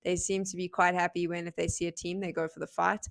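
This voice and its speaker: A woman's voice: on the low side, level tone, quick pace, creaky. Chatty woman esports caster. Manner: chatty, self-deprecating, laughs at her own slips. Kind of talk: play-by-play and analysis commentary.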